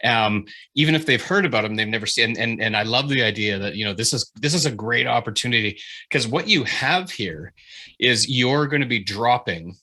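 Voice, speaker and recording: A man leading a writing workshop over a video call, giving an animated, informal critique, swearing freely and often restarting his sentences. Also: mid-range voice, a little fast.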